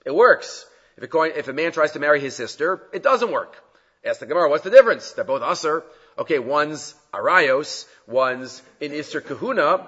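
A man leads a Talmud class in a lively, questioning manner. His voice sits a little high and swings between loud, dramatic bursts and quieter asides. The recording is dull and lo-fi. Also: moderate pace, breathy edge. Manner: animated, rhetorical questions, dramatic retelling. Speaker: Talmud teacher.

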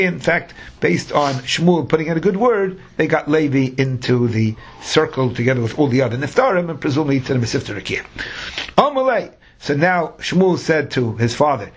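A man's voice: mid-range voice, breathy edge. A man teaching a Talmud class, reading the Aramaic phrase by phrase and explaining each in English.

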